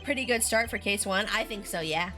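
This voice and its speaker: A woman's voice: medium pitch, fairly quick, pushed and bright, soft background music. A woman streamer chatting playfully while playing through a game. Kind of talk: casual game-stream commentary.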